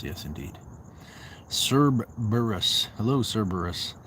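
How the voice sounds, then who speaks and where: Playful low-voiced man chatting with viewers. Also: a little mellow, a little hiss or hum. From Southwest United States. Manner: playful, bantering, answers chat in quick asides. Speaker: livestream host. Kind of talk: casual livestream chat reading viewer comments. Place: outdoors on a walk.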